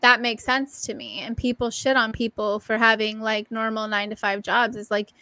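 Bright, casual young woman co-host. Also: on the high side, normal speed, dry recording. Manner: casual, profane, emphatic storytelling. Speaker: podcast co-host. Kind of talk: casual chat.

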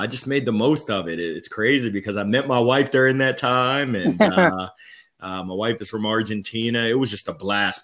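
A man with a fairly low voice tells his career story as a podcast guest. He is candid and upbeat, talking casually in a storytelling way. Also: a bit bright. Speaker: podcast guest, sales leader.

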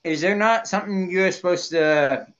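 A man's voice: high-pitched, moderate pace, fairly bright tone, highs cut off. A man in casual podcast chat, enthusiastic, with many fillers and repeated catchphrases.

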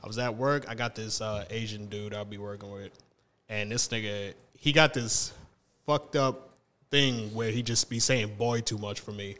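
A man's voice: fairly low pitch, steady tone, normal speed, fairly bright tone. A man co-hosting a casual chat show, telling stories in a laid-back way full of slang and swearing. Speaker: podcast co-host.

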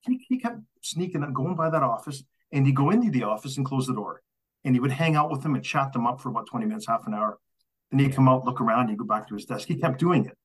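A man casually telling work stories on a podcast, animated, acting out quoted voices and laughing often. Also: mid-range voice, fast talker, breathy edge. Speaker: storyteller guest.

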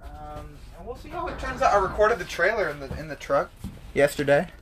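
A man's voice: a little high, very animated, brisk, a crowd in the background. A young man hosting a casual solo podcast from inside a delivery truck, rambling and cursing as he works. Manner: rambling, profane, talks to himself while working. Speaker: podcast host. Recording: noisy truck cab recording. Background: wind and banging packages.

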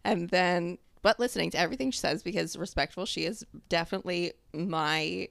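A woman co-hosting a podcast in casual chat, telling animated stories, acting out quotes and laughing often. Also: on the low side, a little fast, gravelly, no echo. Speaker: podcast co-host.

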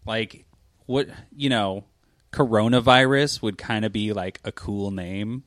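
A man's voice: lowish voice, steady tone, a little slow, fairly bright tone, no room sound, studio quality. Joking man chatting from home. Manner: joking, rambling, laughs often. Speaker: podcast co-host. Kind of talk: casual chat.

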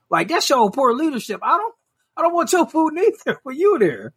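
A man's voice: very high voice, sing-song, fairly quick, fairly bright tone, breathy edge. A man co-hosting a podcast, telling stories in casual chat with lots of profanity and mimicry of people he met. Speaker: podcast co-host.

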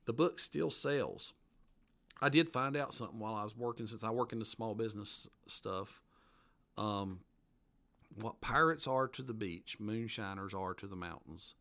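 A man's voice: mid-range voice, fairly bright tone. A man, an author being interviewed, telling local history in a folksy, rambling way. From western North Carolina mountains. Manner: folksy, rambling, laughs at his own stories. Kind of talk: casual storytelling interview.

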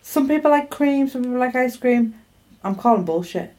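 A woman's voice: sits high, expressive, moderate pace, mellow. A woman co-hosting a podcast, chatting casually, teasing and interjecting often. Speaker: podcast co-host. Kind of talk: casual chat.

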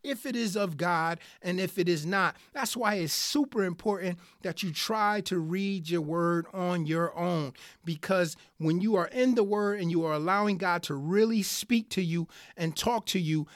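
An earnest podcast host teaching scripture who reads old-style verses aloud and then explains them with rising excitement, often calling listeners "guys". The voice sits in a middle pitch. It is recorded dry, with no room echo. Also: moderate pace, hardly any pauses. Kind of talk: Bible study podcast talk.

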